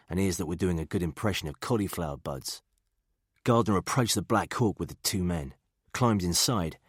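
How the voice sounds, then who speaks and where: A man reading a thriller audiobook in a steady, measured narration. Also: low-pitched, slightly rough, no room sound, studio quality. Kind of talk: scripted narration.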